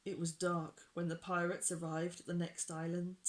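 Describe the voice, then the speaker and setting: A storytime reader narrating a children's picture book gently and unhurriedly for young listeners. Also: medium pitch, monotone, moderate pace.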